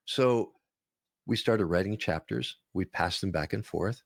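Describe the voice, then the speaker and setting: A guest who grew up in northern Minnesota, a voice-over artist and author, tells stories in a casual interview as an animated storyteller, slipping into playful voices and impressions now and then. His voice is on the low side and creaky, at normal speed. It's studio quality with no room sound.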